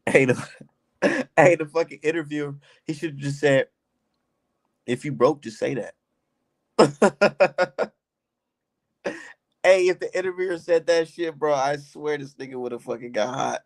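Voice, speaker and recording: A man's voice: on the high side, measured pace, long pauses. A male streamer giving profane, mocking reaction commentary and laughing often.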